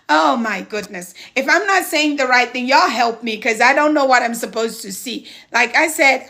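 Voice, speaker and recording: A woman's voice: high-pitched, creaky, pushed and bright. A middle-aged woman mentoring on a live stream, chatty and encouraging, stopping to thank viewers as she walks through steps. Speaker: home care business mentor. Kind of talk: live-stream advice chat.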